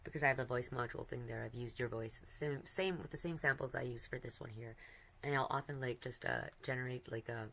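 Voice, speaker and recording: A woman's voice: a bass voice, brisk, gravelly, a bit bright, rough recording. A woman streamer chatting casually while she draws, rambling and giggly, affectionate, often breaking off mid-sentence. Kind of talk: casual chat while drawing.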